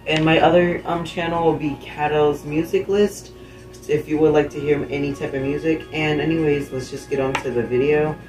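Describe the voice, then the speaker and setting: A man's voice: on the high side, steady tone, moderate pace, darkish tone, echoey room, soft background music. A young man hosting a gaming channel in casual commentary, laid-back and rambling, with many ums. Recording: distant mic with faint background noise.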